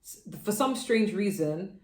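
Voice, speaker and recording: A woman's voice: mid-range voice, expressive, a little slow, darkish tone, roomy sound. A young adult woman from London with a London accent, giving a casual, rambling tarot reading to camera. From London, England. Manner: chatty, rambling, with fillers. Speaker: tarot reader.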